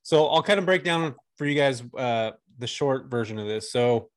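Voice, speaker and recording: A man in his forties from Northern California talks in a loose, chatty way as a podcast guest. He strings stories together and laughs easily, at a middling pitch. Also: expressive, moderate pace. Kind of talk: casual podcast interview.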